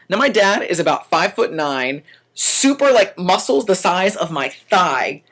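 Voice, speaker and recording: A man's voice: high-pitched, very animated, a little slow, a bit bright. A young man vlogging, telling a story in a dramatic, profane way and acting out quoted lines. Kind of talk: animated storytelling.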